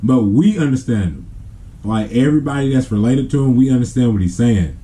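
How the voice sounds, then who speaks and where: A man's voice: mid-range voice, animated, brisk, warm tone. A man telling a family story in a casual, rambling way. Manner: rambling, with many fillers and restarts. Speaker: family vlogger.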